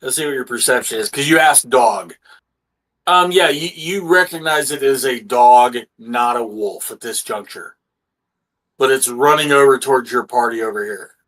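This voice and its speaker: A man running a tabletop game as game master, casual and halting with fillers, cursing freely. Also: mid-range voice, fairly bright tone, rough recording.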